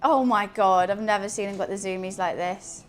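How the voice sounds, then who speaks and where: A woman's voice: mid-range voice, normal speed, faint music behind. A woman streaming as she cooks, chatting in a scattered, casual way and talking to her cat. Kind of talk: casual cooking stream chat.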